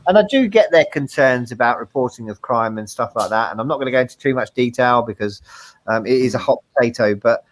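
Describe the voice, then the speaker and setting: A man's voice: medium pitch, fast. A man, a serving police dog handler, co-hosting a casual chat over a video call, talking in an earnest, emphatic way.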